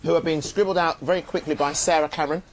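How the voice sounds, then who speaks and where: A man's voice: on the high side, steady tone, quick pace, low-quality recording. A man on a judging panel announcing finalists live in a dry, mock-formal way. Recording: studio with music and crowd noise.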